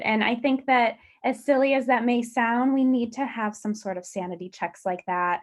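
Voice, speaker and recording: A woman's voice: fairly high pitch, normal speed, few pauses. A woman moderating a webinar panel discussion, upbeat and steering the questions.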